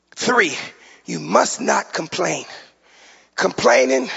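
Male pastor, forties, high gravelly preaching voice, animated sing-song sermon, long echo of a hall, muffled lo-fi recording. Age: 40s. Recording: reverberant hall, dull lo-fi sound.

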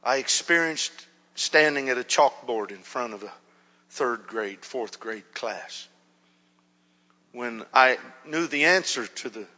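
A male pastor telling stories in a sermon, dropping to a hush and then rising loud and animated. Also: medium pitch. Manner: animated storytelling, swings from hushed to loud. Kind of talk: storytelling sermon. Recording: muffled hall reverb.

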